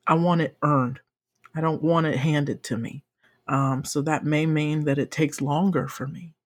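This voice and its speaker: A woman's voice: unhurried, no echo. Emphatic, profane woman co-hosting a podcast. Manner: emphatic, profane, swings into high excited exclamations. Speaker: podcast co-host. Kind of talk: casual chat.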